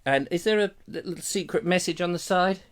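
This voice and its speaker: A man's voice: high voice, fairly quick. A man from England hosting a live stream, chatting in a jokey, rambling, theatrical way on a lapel mic. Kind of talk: casual live chat.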